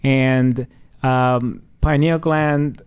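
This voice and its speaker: A man appearing as a guest healer on a radio show, explaining ideas in a calm, measured way. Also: medium pitch, smooth, muffled recording. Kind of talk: explanatory interview answers.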